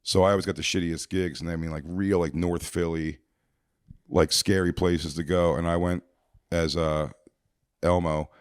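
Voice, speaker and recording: A man spins a rambling anecdote, full of fillers and restarts. His voice sits very low. The sound is dry and close, with no room. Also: flat delivery, moderate pace, smooth, dry recording. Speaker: podcast co-host. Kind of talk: casual storytelling.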